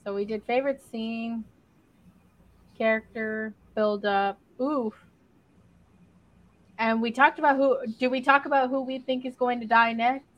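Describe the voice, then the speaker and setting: A woman's voice: on the high side, steady tone, unhurried, pauses often, dull audio. A woman co-hosting a podcast in casual chat, laid-back and slangy with casual swearing. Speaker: podcast co-host.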